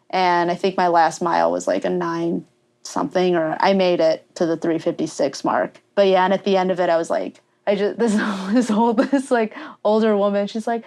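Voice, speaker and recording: A woman's voice: medium pitch, darkish tone. A young woman guest in a podcast interview, chatty and laughing often as she acts out her own thoughts. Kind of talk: casual storytelling interview.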